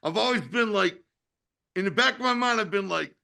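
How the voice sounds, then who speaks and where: A man's voice: very high voice, lively intonation, fairly quick, vocal fry, pushed and bright. A man in his fifties hosting a casual talk show, speaking with passion and frequent swearing, often asking "you know what I mean". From United States. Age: 50s. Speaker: podcast host and wrestling promoter. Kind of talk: casual chat.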